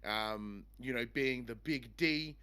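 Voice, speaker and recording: A man hosts a casual podcast chat about games. His voice sits in a middle pitch, and he talks at length with plenty of enthusiasm. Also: slow, sharp tone, clear, resonant tone. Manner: rambling, enthusiastic. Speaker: podcast host.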